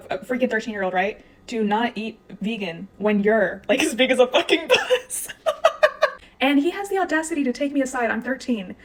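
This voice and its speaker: A young woman telling a personal story to her viewers in a casual, chatty way, full of fillers and asides. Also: medium pitch. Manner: chatty, frequent "like" and "you guys". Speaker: vlogger.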